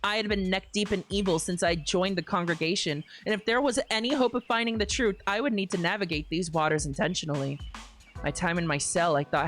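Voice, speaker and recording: A young adult woman streaming a game, reading the narration steadily between loud, laughing, swearing reactions. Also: fairly low pitch.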